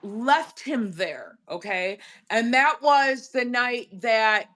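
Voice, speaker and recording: A woman's voice: fairly high pitch, animated, takes it slowly, fairly bright tone. A woman hosting a livestream, talking bluntly in casual chat and filling with "like". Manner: blunt, uses "like" a lot. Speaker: livestream host.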